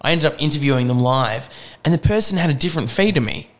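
A young man in his twenties, co-hosting a casual chat, telling a story with animated voices and frequent laughs. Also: a little high, fast talker. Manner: animated, acts out voices in anecdotes, laughs often. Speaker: podcast co-host.

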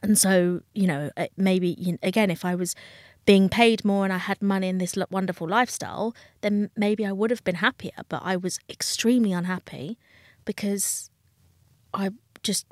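A woman's voice: mid-range voice, fairly even intonation, normal speed, no room sound, studio quality. A woman, a dating coach talking frankly and with feeling as a guest in an interview. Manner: frank, emotional, acts out quoted voices. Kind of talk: candid interview talk.

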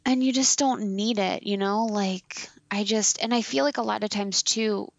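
A woman's voice: mid-range voice, moderate pace, vocal fry, no room sound. A woman in her late twenties, a blogger and podcaster, talking casually and emphatically as an interview guest, with many fillers. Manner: chatty, frequent "like" and "you know" fillers, emphatic. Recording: dry, slightly dull lo-fi sound.

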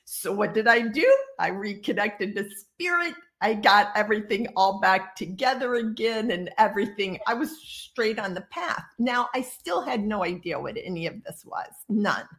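A woman in her sixties from Iowa, a guest on a video call, telling her story in a lively, casual way and acting out the people she quotes. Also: medium pitch, normal speed, hardly any pauses. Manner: lively storyteller who acts out quoted dialogue. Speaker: guest psychic medium.

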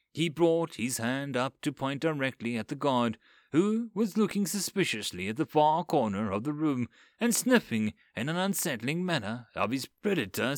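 Man narrating a dark fantasy story. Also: a little high, dry recording, clean studio sound. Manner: expressive, dramatic reading.

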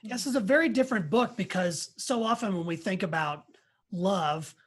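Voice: medium pitch, normal speed, breathy edge. An interviewer asking earnest, thoughtful questions about a book.

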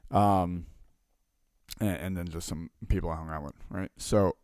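A man talks to his listeners in a relaxed storytelling style, with a fairly low voice. He acts out conversations with lively energy and keeps checking in with "right?". The sound is dry, with no room echo. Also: measured pace, smooth. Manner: animated, acts out dialogue, constant "right?" tags. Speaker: coach and online marketer. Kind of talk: casual storytelling monologue.

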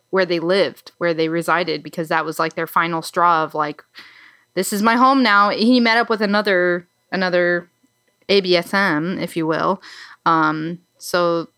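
A woman's voice: lowish voice, fairly bright tone, clear, resonant tone, no echo, clean studio sound. A woman co-hosting a podcast, chatting and telling stories casually, with lots of filler words and easy laughter. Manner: chatty, many likes and restarts, laughs easily. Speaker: podcast co-host. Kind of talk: casual chat, storytelling.

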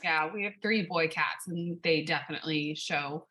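Bright-voiced young woman telling stories. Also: low-pitched, moderate pace, poor audio. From California. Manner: animated storytelling with swearing and laughter. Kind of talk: casual chat.

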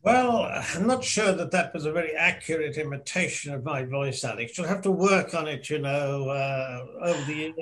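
A man speaking as a film critic guest in a courteous, measured way. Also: on the high side, expressive, fairly bright tone, a little hiss or hum, rough recording. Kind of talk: casual panel chat.

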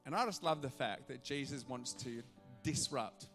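A male pastor preaching a sermon to a church congregation, animated and acting out the voices in his stories. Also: medium pitch, normal speed, faint music behind. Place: church auditorium.

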